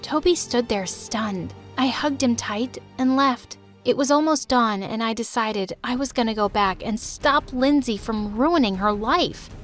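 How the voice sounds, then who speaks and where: A young woman narrating an animated teen drama in first person, emotional and expressive. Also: a little high, soft background music. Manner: emotional, quick shifts to outbursts. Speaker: narrator and lead teen girl.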